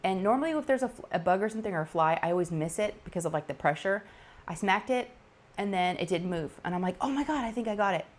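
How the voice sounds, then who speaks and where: A middle-aged woman chats casually at her craft table, telling a story in an animated way and acting out the people in it. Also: medium pitch, fast. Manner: animated, laughing, acts out quoted voices. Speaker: diamond painting channel host.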